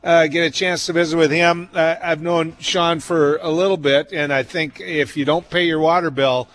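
A man's voice: fairly high pitch, fairly even intonation, normal speed, a bit bright. A man hosting a live radio interview, teasing his guests and laughing often. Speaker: radio host.

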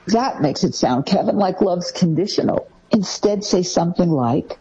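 A woman presenting a talk-show advice segment, counting off numbered tips in an animated, instructive way. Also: fairly low pitch, moderate pace, hardly any pauses, husky, dull audio.

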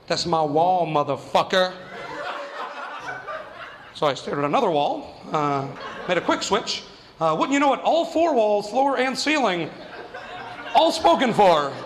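A man telling a profane stand-up story, with loud mock-yelling bits. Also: high-pitched. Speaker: stand-up comedian. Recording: long venue reverb, faint ambience.

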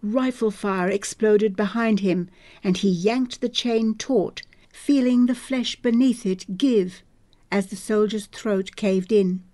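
A woman reads a novel aloud in a measured, even storytelling manner. Her pace is slow and deliberate. Her tone is warm and mellow, and her pitch sits in a middle range. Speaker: audiobook narrator. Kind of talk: scripted novel narration.

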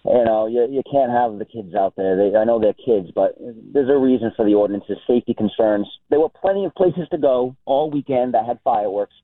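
A man phones in to a talk show, easygoing and joking as he adds his point. His voice is mid-pitched. He comes through a tinny phone line with dry sound. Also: brisk, hardly any pauses, no echo. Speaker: radio caller. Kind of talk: phoned-in opinion.

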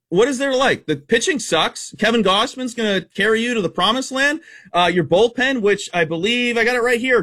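A man working as a sports betting analyst, reeling off stats quickly and giving emphatic, opinionated takes in casual radio talk. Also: very high-pitched, a bit bright. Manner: rapid-fire stat-heavy, emphatic and opinionated.

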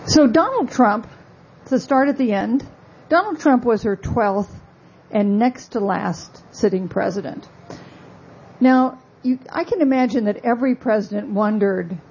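Woman author, book talk, mellow husky voice, wry asides, dull lo-fi recording. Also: mid-range voice, takes it slowly. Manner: conversational, frequent fillers, wry asides.

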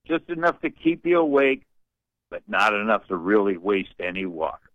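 A man's voice: fairly low pitch, big pitch swings, normal speed, no echo. An older man calling in to a talk radio show, rambling along in a folksy way with colorful sayings. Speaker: radio caller. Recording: muffled phone line.

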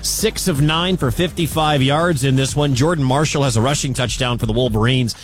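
A man's voice: mid-range voice, normal speed, soft background music. A man from the American Midwest hosting a sports radio show, chatting through college football scores and coach clips. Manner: conversational, chatty asides. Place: radio studio.

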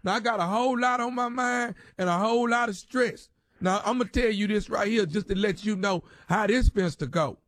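A man's voice: high-pitched, a little fast, fairly bright tone, no echo. A man playing a pushy inmate on a prank phone call, talking in heavy street slang. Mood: threatening. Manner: pushy, street slang, keeps saying hold up. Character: brash male inmate calling from jail. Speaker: radio prank caller.

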